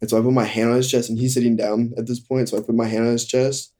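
A young man candidly telling a hard personal story in conversation, halting and full of fillers. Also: medium pitch, level tone, a little mellow. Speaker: guest.

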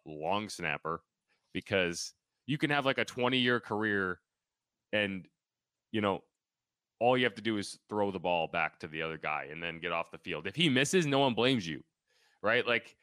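A man co-hosting a casual sports podcast, talking fast and joking with a sarcastic streak. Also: fairly low pitch, animated, sharp tone, smooth, no echo. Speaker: podcast co-host.

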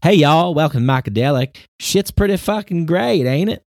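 A man putting on the voice of a laid-back, relentlessly upbeat podcast host, with a slow, easygoing drawl. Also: on the high side, expressive, darkish tone, no echo, studio quality, voice pushed up. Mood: blissed-out.

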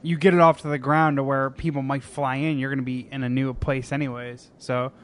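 A man's voice: mid-range voice, level tone, brisk. A man hosting a casual podcast, swearing freely, laughing often and restarting his sentences. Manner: profane, laughs easily, stumbles and restarts. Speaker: podcast host.

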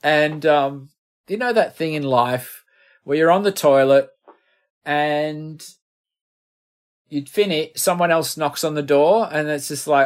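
A middle-aged Australian man, appearing as a guest musician in a casual interview, tells rambling, self-deprecating stories. His voice is a little high and he speaks slowly.

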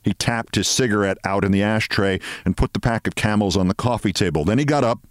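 A male podcast host reading a short story aloud with expressive storytelling. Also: fairly low pitch, a little fast, no room sound, clean studio sound. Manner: expressive storytelling, shifting voices.

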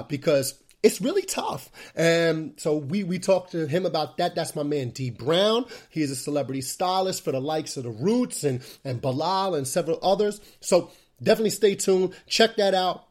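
A man hosting his own podcast, talking casually in an energetic, chatty way with plenty of fillers. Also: a little high. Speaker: podcast host. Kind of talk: casual solo podcast talk.

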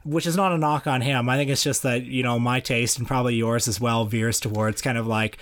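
A man's voice: mid-range voice, steady tone, fairly quick, a bit bright. A young man from Canada co-hosting a film podcast in casual chat, self-deprecating and hesitant, with frequent restarts. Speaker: podcast co-host.

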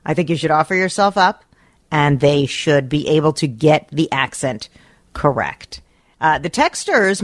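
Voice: mid-range voice, no echo, studio quality. A radio co-host in casual chat, reading out listener texts and prompting questions.

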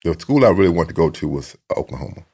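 A man, a guest telling stories in a relaxed way and repeating words as he goes. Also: deep voice, quick pace, breathy edge. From Texas. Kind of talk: casual storytelling.

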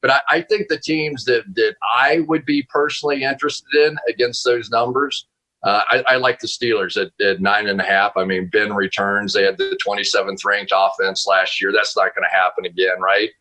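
A man on a video call from home talks casually as a football analyst. His voice is bright and forceful, set a little low. He stays animated, laughs often and restarts his sentences. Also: normal speed, poor audio. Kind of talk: casual storytelling interview.

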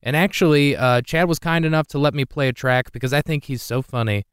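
A man's voice: medium pitch, a little fast, clean tone, no room sound, studio quality. A man hosting a podcast and plugging a guest's album. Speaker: podcast host. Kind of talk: podcast promo read.

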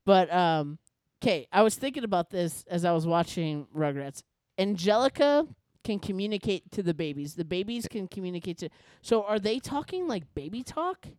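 A young woman hosting a casual podcast chat, chatty and quick to jump in. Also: lowish voice, very animated, a little mellow, dry recording, clean studio sound. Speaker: podcast host.

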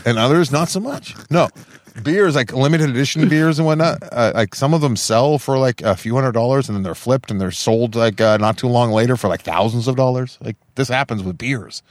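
A man's voice: medium pitch, fairly quick, dry recording. A man co-hosting a podcast, chatting casually in a rambling, self-deprecating way and swearing freely. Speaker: podcast co-host. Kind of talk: casual chat.

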